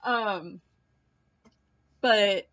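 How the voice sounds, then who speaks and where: A woman's voice: medium pitch, drawn-out words, fairly bright tone. A woman in a casual, rambling chat to her viewers, filmed on a laptop mic at home, swearing and laughing often. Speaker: vlogger. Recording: dull lo-fi laptop audio.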